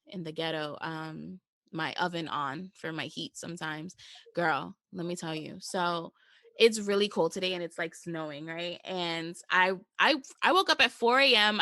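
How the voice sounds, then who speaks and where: A woman's voice: fairly low pitch, bright, forceful tone, no echo. A young woman from New hosting a podcast, chatting casually and informally. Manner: chatty, informal, says "girl" and "y'all". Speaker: podcast host.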